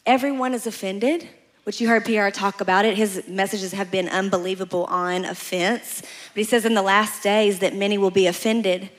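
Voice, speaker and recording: A woman's voice: medium pitch, fairly even intonation, normal speed. A woman pastor preaching a sermon, telling a story with playful asides and acting out voices.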